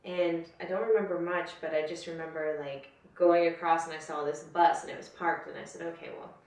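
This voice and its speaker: A young woman from Canada with a low voice recounts her own story in a loose, chatty way and slips into quoted dialogue. The recording sounds very echoey and picked up from a distance, with faint music underneath. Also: fairly even intonation, a little fast, gravelly, darkish tone. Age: 20s. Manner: casual, conversational, many fillers and quoted dialogue. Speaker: interviewee. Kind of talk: personal story told to camera.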